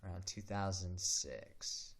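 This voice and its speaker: Young male streamer, low voice, casual and profane, animated storyteller. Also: takes it slowly. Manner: profane, animated, acts out quotes. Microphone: home streaming mic.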